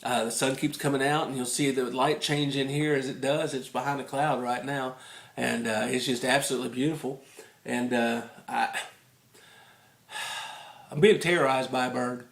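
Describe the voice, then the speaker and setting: A man from Tennessee with a Southern US accent chats through a casual video review in a folksy, rambling, good-humored way. His voice sits at an everyday middle pitch. The indoor room leaves a noticeable roomy echo. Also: steady tone, moderate pace, vocal fry, a bit bright. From Tennessee, United States. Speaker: ukulele book reviewer.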